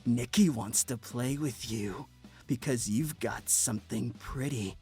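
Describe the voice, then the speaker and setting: A man voicing an unhinged, childlike woman wrestler, speaking low, hushed and slow. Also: faint music behind, natural voice. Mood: creepy menacing.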